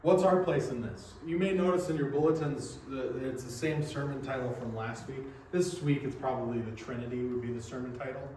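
A man's voice: mid-range voice, brisk, few pauses, a little mellow, a little hiss or hum. Man preaching in an echoey hall. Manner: earnest, explanatory preaching with rhetorical questions. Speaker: pastor. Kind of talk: sermon. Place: church sanctuary. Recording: echoey hall, mic from a distance.

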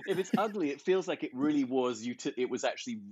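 A man chatting as a podcast guest, animated, laughing often and trailing off into restarts. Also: mid-range voice, fast, dull audio. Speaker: podcast guest, artist and photographer. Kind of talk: casual chat.

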